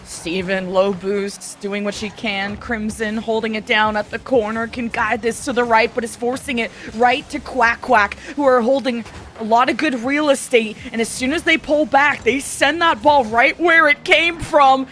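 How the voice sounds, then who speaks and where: High-voiced analytical esports caster woman. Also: fairly even intonation, normal speed, fairly bright tone, slight background noise. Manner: analytical, laughs easily. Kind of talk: live color commentary.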